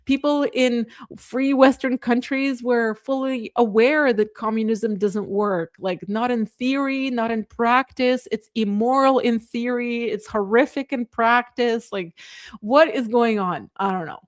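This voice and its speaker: This livestream host, a woman from the Soviet Union, has a voice on the high side and an unhurried delivery. Chatty and filler-heavy, saying "like" constantly, she reads viewer comments aloud in an earnest, rallying way.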